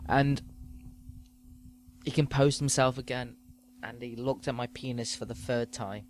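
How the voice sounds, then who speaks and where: A man's voice: mid-range voice, steady tone, normal speed, a little hiss or hum. A man hosting a podcast, rambling through a crude, self-mocking comic monologue. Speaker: podcast host.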